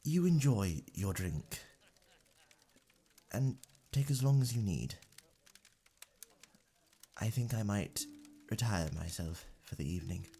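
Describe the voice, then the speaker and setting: A man voicing a gentle, courteous tavern keeper in an ASMR role-play, speaking politely and softly with halting repetitions. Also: fairly low pitch, expressive, soft background music. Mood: wistful.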